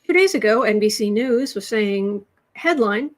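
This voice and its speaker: Fairly high-pitched and animated, this American woman talks a little slowly on her casual political livestream. She reads out headlines, responds with exasperation and coos at her cat.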